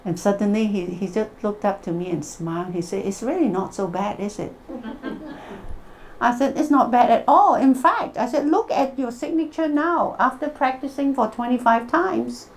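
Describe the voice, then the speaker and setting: Animated woman leading a wellness workshop. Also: fairly high pitch, unhurried, slight background noise. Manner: animated, acts out the people in her stories. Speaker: workshop leader and hypnotherapist. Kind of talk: wellness workshop talk with storytelling.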